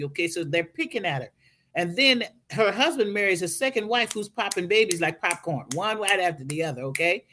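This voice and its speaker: A woman's bright, forceful voice carries a podcast talk in a preaching style. She tells her story with animation and slips into the voices of the people in it. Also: lowish voice, lively intonation, fairly quick, a little hiss or hum. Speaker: guest speaker.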